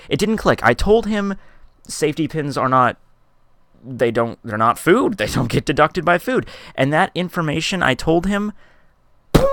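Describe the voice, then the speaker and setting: A man's voice: fairly high pitch, fairly bright tone, no echo, clean studio sound. A man vlogging a story from his shop job, swearing a lot and acting out his customers in exasperated bursts. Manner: profane, exasperated, acts out quoted customers. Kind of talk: casual storytelling rant.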